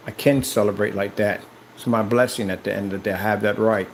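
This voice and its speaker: A man presenting and selling his product in an excited vlog, talking straight to his viewers in a preachy, animated way, indoors beside a projector. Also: lowish voice, fairly quick, slight background noise, low-quality recording. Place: indoor room with projector and screen.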